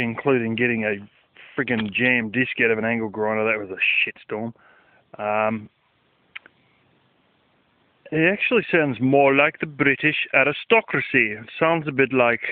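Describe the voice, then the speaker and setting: A man's voice: medium pitch, no room sound. Man rambling over a phone-like line. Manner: loose, swears casually, many fillers. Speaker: vlogger. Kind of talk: casual rambling monologue. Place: outdoors at night. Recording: dry, phone-like lo-fi sound.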